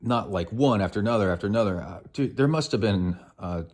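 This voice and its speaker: A man's voice: on the low side, lively intonation, fairly quick, a little mellow. A man hosting an endurance sports podcast, chatting casually on the go with lots of ums and uhs. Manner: rambling, filler-heavy storytelling. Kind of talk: casual chat on the go.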